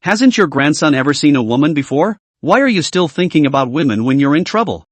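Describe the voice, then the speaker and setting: A man's voice: on the high side, big pitch swings, fairly quick, no echo. A man doing a scornful young woman. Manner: scornful, exasperated.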